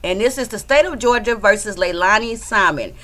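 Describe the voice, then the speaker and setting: A woman's voice: medium pitch, fairly quick, fairly bright tone. A woman hosting a casual livestream from home, chatting loosely and greeting her viewers by name. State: a bit out of breath. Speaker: livestream host.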